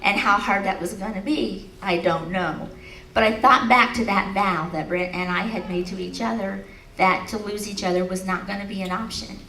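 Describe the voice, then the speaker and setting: A middle-aged woman speaks at medium pitch with a sharp tone, giving a motivational talk in a large expo hall. She tells a personal story, laughing, and then leads the audience in affirmations. The echoey hall is recorded from a distance, with slight background noise.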